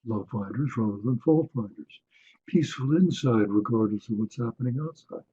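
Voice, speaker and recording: A man giving a webinar lecture, unhurried, often checking in with his listeners. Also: mid-range voice, lively intonation, dark tone, husky, muffled recording. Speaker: webinar presenter on attitudinal healing.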